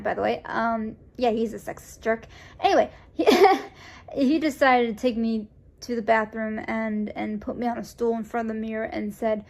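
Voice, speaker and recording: A young woman raised in the United States, telling a personal story in a casual, rambling way, full of restarts and fillers, and acting out the lines of the people in it. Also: fairly high pitch. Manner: acts out quoted dialogue in a lively voice. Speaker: vlogger.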